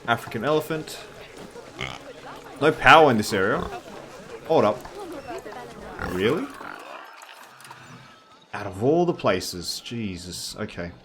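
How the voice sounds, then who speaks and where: A man's voice: fairly low pitch, expressive, slow pace, pauses often, noisy background. A man giving casual gameplay commentary, thinking aloud with wry asides. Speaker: gaming channel host.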